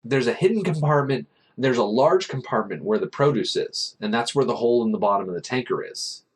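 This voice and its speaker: A young adult man hosting a casual film podcast, recapping scenes in an animated way and quoting lines. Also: mid-range voice, brisk, husky. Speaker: podcast host.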